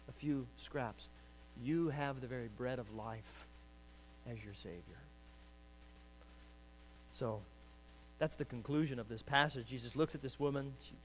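A man preaching a sermon as pastor, urging loudly and then dropping to quiet pleading. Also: medium pitch, slight background noise. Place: church sanctuary.

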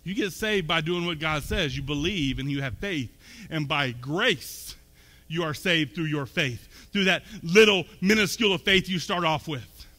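A pastor preaches a sermon in a church sanctuary, where a long hall echo carries his high, very bright voice. Expressive and at a moderate pace, he shifts between easy conversational talk and emphatic, rising points.

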